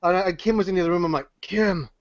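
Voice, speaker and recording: High-voiced joking man on a podcast. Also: steady tone, racing, no room sound. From Canada. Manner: joking, rambling, full of fillers and restarts. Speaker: YouTuber and podcast guest. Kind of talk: casual podcast chat. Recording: muffled, lo-fi podcast audio.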